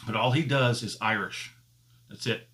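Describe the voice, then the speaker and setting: Talking to camera on his own whiskey review channel, this man keeps a casual, leisurely pace, frequently stopping to search for words while thinking aloud. His medium-pitched voice is steady, bright, and forceful.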